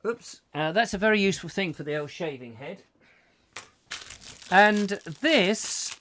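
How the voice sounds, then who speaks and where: A man's voice: high voice, animated, a little slow, pauses often, fairly bright tone, slight background noise. A man hosting a comic live chat show, rambling through jokey stories and singing little snatches. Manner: chatty, jokey storytelling, sings snatches. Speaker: host.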